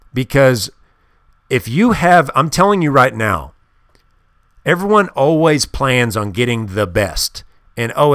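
A man's voice: medium pitch, bright, forceful tone, no echo, studio quality. A man hosting a podcast, talking in an emphatic and insistent way as he gives advice on dog training. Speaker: podcast host. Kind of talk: casual monologue.

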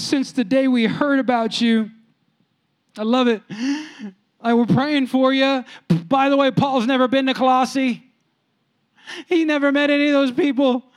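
A man preaching a sermon as a pastor, telling stories and speaking directly to his congregation. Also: very high voice. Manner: animated storytelling preacher, talks to the room directly.

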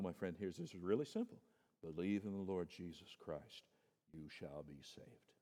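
Male pastor, sermon delivery, moves from soft and low to loud and high, long hall reverb. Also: expressive, brisk. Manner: addresses listeners as "my friend".

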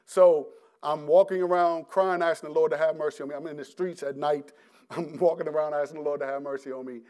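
Man, middle-aged, preacher, testimony sermon, fairly high voice, animated, stop-and-start delivery, laughs often. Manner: animated storyteller who acts out his past self, often laughing; halting, with frequent restarts and repeated words.

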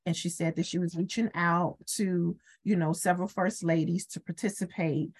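A woman's voice: lowish voice, normal speed, slightly rough. A woman co-hosting a casual faith talk, telling stories animatedly and acting out the voices of the people in them. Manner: animated storyteller, acts out voices. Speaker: podcast co-host.

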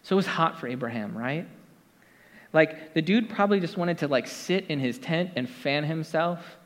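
A man's voice: fairly high pitch, moderate pace. A man preaching a casual, conversational sermon to his congregation, with lots of fillers and asides. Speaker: pastor. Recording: long hall reverb.

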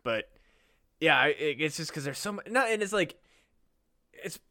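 A young man with a high voice co-hosts a comedy podcast. His tone is bright and forceful as he riffs, swears freely and laughs through loose, casual banter. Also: lively intonation, moderate pace, creaky. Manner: profane, laughing, riffing. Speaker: podcast co-host.

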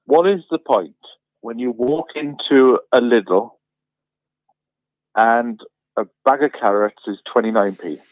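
A man's voice: medium pitch, slow pace, long pauses, no room sound. A man chatting casually on a radio show over a phone line, telling jokey everyday stories. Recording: tinny phone line, dry.

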